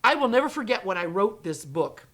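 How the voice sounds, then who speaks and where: A woman's voice: mid-range voice, big pitch swings, fairly quick, a bit bright. A middle-aged woman, an educator with thirty years of experience, talking straight to her viewers and acting out the reactions she expects with gasps and whispers. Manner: dramatic, acts out quoted reactions with gasps and whispers. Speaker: educator running her own company and channel. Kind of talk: direct-to-camera talk.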